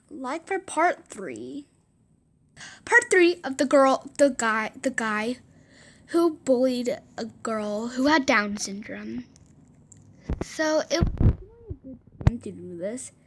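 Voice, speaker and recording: A woman with a fairly high voice narrates a casual storytime at an unhurried, slow pace. She rambles and circles back over the same words, restarting her sentences. Now and then she drops into a whispered aside. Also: slightly rough.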